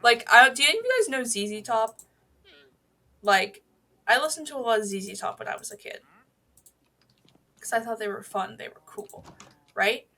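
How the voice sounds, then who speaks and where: Woman streamer bright, slightly high voice, rambling casual gaming chat, drops swears, reads and answers chat. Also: expressive, moderate pace, long pauses.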